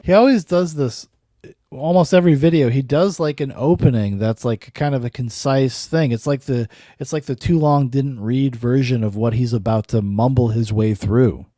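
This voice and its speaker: A man's voice: medium pitch, normal speed, dark tone, dry recording, clean studio sound. A man hosting a podcast, giving casual, sardonic reaction commentary with cursing and laughing asides. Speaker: podcast host.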